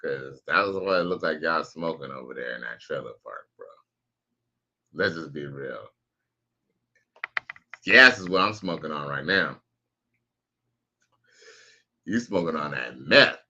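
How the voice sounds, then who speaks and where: A man's voice: rumbling low, animated, unhurried, pauses often, pushed and bright, highs cut off, slight background noise. A man casually commenting on a live stream, slangy and profane, reacting to clips and reading out chat. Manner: laid-back, slangy, profane, reads out chat messages.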